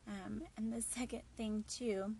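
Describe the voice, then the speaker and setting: A woman's voice: fairly high pitch, fairly even intonation, unhurried, dark tone, slight background noise, rough recording. A woman hosting her own podcast, talking in an earnest, reassuring way with a few fillers. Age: adult mother of boys. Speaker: podcast host. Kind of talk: encouraging solo podcast talk.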